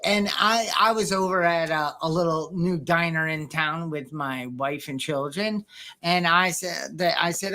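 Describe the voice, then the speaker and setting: A woman's voice: low-pitched, unhurried, pushed and bright. A woman hosting a podcast in casual conversation, talking in loose, rambling sentences full of fillers and restarts. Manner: rambling, many restarts and fillers, acts out quoted dialogue. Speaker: podcast host. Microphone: podcast microphone.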